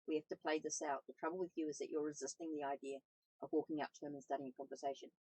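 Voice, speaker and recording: A woman reading as Julia, a calm spiritual guide. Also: low voice, very fast, husky, no echo, poor audio. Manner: read aloud plainly with small slips.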